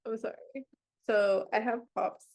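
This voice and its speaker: A woman co-hosting a podcast in casual chat, gushing and excitable, often breaking into laughter. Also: mid-range voice, unhurried. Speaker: podcast co-host.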